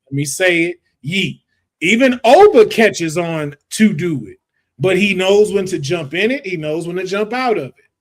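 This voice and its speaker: Animated male podcast host. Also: high-pitched, normal speed. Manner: animated, emphatic, slangy. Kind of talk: casual chat.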